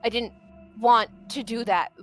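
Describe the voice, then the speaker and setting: A woman's voice: fairly high pitch, normal speed, a bit bright, faint music behind, lightly acted. A woman playing a shaken, stammering young man. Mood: hushed. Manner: stammering, pleading, repeating himself. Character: shaken young man pleading after violence. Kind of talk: tabletop role-play dialogue.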